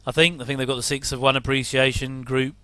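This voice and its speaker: A man's voice: mid-range voice, flat delivery, fast talker, bright, forceful tone, smooth, no room sound. A middle-aged English man rambling casually through a reaction commentary, with chatty, self-deprecating asides. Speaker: host.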